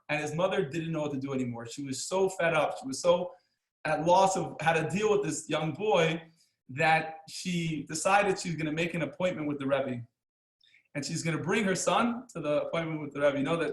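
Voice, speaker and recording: A man teaching a class as a rabbi, telling stories and jokes in an animated, chuckling way, acting out the lines of the people in them. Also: a little high, reverberant, low-quality recording. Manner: animated, chuckling storyteller who acts out the characters' lines. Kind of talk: storytelling lesson with jokes.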